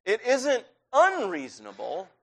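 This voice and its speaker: A man's voice: extremely high pitch, wildly swooping pitch, measured pace, vocal fry, breathy edge. A middle-aged man preaching a sermon in a church, talking in a conversational way that builds to intense stretches.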